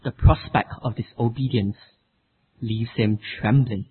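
A man preaching a sermon with an emphatic, expressive delivery. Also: medium pitch, unhurried, breathy edge. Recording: tinny phone-like sound.

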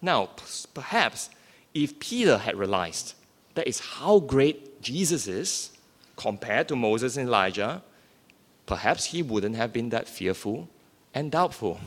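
A man delivers an expository sermon, putting questions to his listeners and then answering them. His voice moves up and down in pitch with plenty of life, and it carries a long reverb from the hall he is speaking in. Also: very animated, unhurried, fairly bright tone. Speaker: preacher.

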